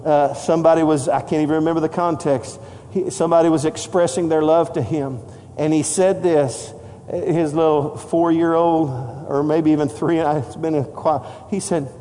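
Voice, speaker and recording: An older man preaching a sermon to his congregation, passionate, climbing into shouted lines. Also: on the high side, fairly even intonation, normal speed. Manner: impassioned, rising to shouts. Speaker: pastor. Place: church sanctuary. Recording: long hall reverb.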